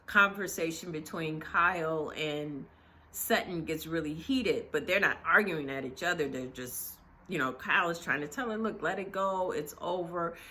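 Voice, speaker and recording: Low-voiced chatty woman recapping. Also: normal speed, pushed and bright. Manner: chatty and gossipy, many fillers. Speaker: reality TV recap host. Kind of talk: casual episode recap.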